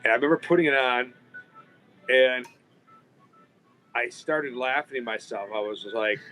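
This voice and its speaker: A man's voice: medium pitch, normal speed, pauses often, sharp tone, soft background music, low-quality recording. A man hosting a podcast in casual chat, telling rambling stories with plenty of swearing. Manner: rambling, profane storytelling. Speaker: podcast host.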